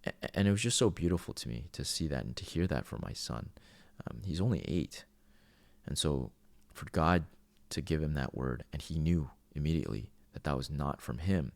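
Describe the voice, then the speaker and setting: A man's voice: rumbling low, lively intonation, normal speed, vocal fry, a little mellow, no room sound. A man in his thirties hosting a podcast, talking earnestly in a casual monologue and often restarting his sentences. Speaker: podcast host.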